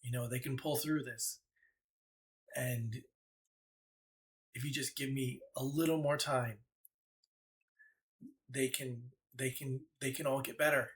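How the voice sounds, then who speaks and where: A man voicing a desperate young woman warlock who begs and stammers in his own quiet voice. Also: mid-range voice, steady tone, slow, pauses often. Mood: pleading. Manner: pleading, stammering.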